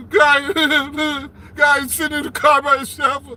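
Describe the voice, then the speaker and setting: A man hosting a live stream from his car, ranting loudly with constant swearing and jokes. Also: very high voice, little pitch movement, extremely slow, slight background noise. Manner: loud, swearing, joking rants with bursts of laughter. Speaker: livestream host. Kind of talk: profane live-stream rant. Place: sitting alone in his car.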